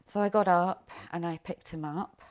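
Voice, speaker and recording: Speaking quietly and with hesitation, a middle-aged mother looks back on her past in a documentary interview, her words often fading off low. Her intonation stays fairly even.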